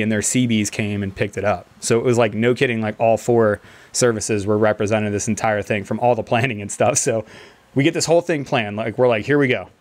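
A man telling a long story casually among friends, laughing often and acting out what others said. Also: medium pitch. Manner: animated, laughs often, acts out other people's lines. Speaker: podcast co-host telling a military story. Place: indoor team room.

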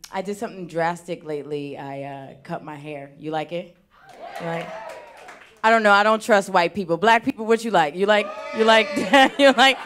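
A young woman doing a stand-up comedy set on a theater stage, talking with lively, animated swings in loudness. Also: fairly low pitch. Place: theater stage before a live audience.

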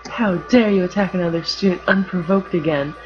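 A woman's voice: fairly low pitch, brisk, close to an everyday voice. A woman voicing a fed-up kindergarten teacher who scolds a pupil. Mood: scolding. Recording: muffled recording, faint music.

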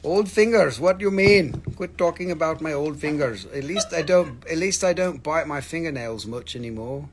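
A man running a live crystal sale, talking in a relaxed, rambling way full of jokes and curses. His voice sits a little high, with a faint hum of background noise. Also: moderate pace, hardly any pauses. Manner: joking, rambling, swears freely. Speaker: live-stream crystal seller. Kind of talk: casual live sales chat.

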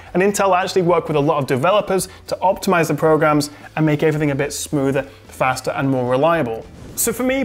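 A British man hosting a tech review, briskly explaining laptop specs in scripted narration. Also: a little high. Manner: brisk, spec-heavy explaining.

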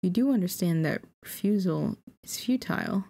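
A woman's voice: lowish voice, lively intonation, normal speed, gravelly, warm tone. A woman reading the lines of a cocky, moody young boy in a game, smug and lecturing.

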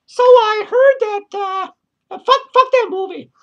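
A man's voice: very high voice, measured pace, sharp tone, muffled recording, full character voice. A man voicing a lonely woman clown who reviews movies and rants with profanity, laughing between lines. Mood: annoyed ranting. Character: foul-mouthed lonely woman clown, ranting film critic. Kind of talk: comic character movie review rant.

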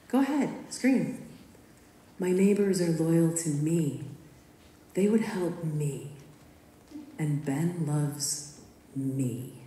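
A woman voicing a hostile young woman who taunts in a low snarl, read aloud in an echoey room. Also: darkish tone, distant mic. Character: hostile young woman, friendly then menacing.

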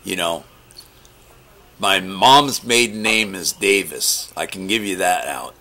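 A man making a prank call, rambling and joking in a deadpan way. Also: low-pitched, slow pace. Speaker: comedy prank caller.

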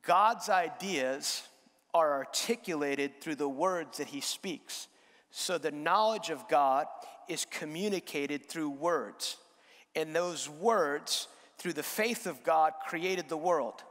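A man preaching a sermon as guest speaker in a church, moving from slow, low statements to loud, repeated emphatic phrases, with frequent restarts. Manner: repeats words and restarts while building a point. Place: church sanctuary. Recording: long reverb of a large church hall.

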